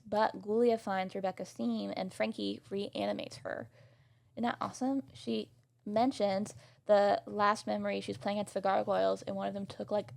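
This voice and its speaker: A woman's voice: medium pitch, creaky, darkish tone, no room sound. A young woman hosting a podcast, recapping in a chatty, sassy way and swearing freely. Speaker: podcast host. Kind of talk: casual recap chat.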